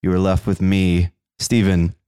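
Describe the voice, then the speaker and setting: Man, podcast host, deep-ish voice, smooth, mildly monotone, dry close mic. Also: a little slow, no echo. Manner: mildly monotone, self-aware. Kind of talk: solo news rundown podcast.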